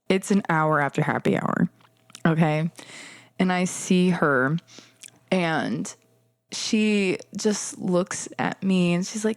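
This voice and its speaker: A young adult woman hosting a podcast, casually telling a story about working as a bartender, animated and swearing as she acts out both sides of the exchange. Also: fairly low pitch, smooth, no room sound, studio quality. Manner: animated, acts out customers and herself in quoted dialogue, swears. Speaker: podcast host.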